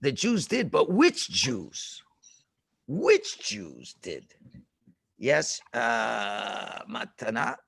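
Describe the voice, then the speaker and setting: A rabbi telling a lesson story to children over a video call, dramatic and full of questions to the kids. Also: male voice, medium pitch, wildly swooping pitch, extremely slow, creaky, a bit bright, breathy edge, no room sound.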